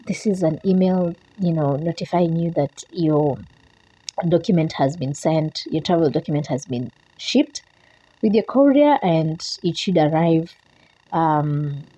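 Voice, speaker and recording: A young woman speaks straight to camera, recounting events in a loose, emotional way and often repeating herself. Her voice is a little low, dark and husky. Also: dry recording, low-quality recording. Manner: emotional, repeats herself, quotes her own prayers and talk. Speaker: vlogger. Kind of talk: casual storytelling to camera.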